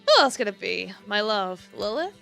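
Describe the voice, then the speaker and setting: Bright-voiced woman reading horror aloud. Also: medium pitch, big pitch swings, normal speed, vocal fry, faint music behind. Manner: theatrical, swinging between hushed and emphatic lines. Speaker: streamer. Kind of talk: reading a horror visual novel aloud on stream.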